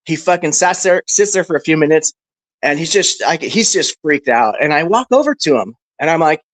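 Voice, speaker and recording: Profane, animated man telling a story. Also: on the high side, brisk, dry recording, poor audio. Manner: profane, animated, heavy on fillers like "bro" and "right". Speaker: discussion panelist. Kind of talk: casual storytelling.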